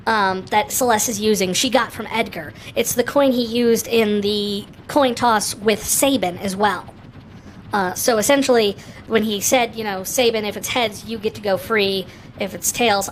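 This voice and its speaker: A woman's voice: mid-range voice, slight background noise, poor audio. Chatty woman game streamer. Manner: chatty, loose, with fillers and self-corrections. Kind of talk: casual gameplay commentary. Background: game music.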